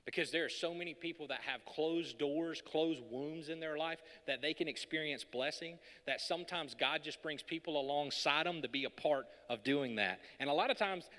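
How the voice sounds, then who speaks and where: 説教する男性、明るく響く声. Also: male voice, fairly high pitch, sharp tone. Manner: conversational and joking, building to emphatic peaks. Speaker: pastor. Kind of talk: sermon. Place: church hall. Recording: long reverb of a large hall.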